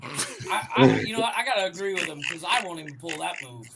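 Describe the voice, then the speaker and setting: A man bantering loudly in casual podcast chat. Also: fairly high pitch, very animated, quick pace, gravelly, a loud crowd. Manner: loud joking banter. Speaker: podcast co-host.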